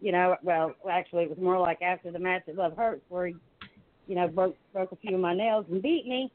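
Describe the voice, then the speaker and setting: A woman's voice: on the low side, steady tone, a little fast. A woman with a Southern US accent, a wrestling manager, talking in a flirty, playful way during a casual interview. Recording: phone-like narrow sound.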